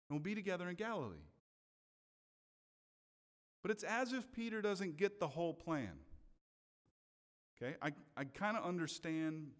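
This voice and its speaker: A man preaching a sermon in a conversational way, often checking in with his listeners. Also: mid-range voice. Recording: long hall reverb.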